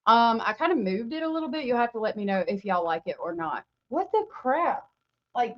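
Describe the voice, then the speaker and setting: With a fairly high voice, a woman runs a casual livestream, gushing and greeting viewers by name. Her webcam mic makes the sound dull and lo-fi.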